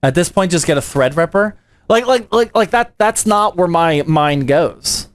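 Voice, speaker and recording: A young man from the United States streams a PC build, his voice sitting a little high for a man. He keeps it slangy and playful, throwing "dude" and "man" at his chat as he works. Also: lively intonation, unhurried, dry recording. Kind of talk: casual livestream chat while building a PC.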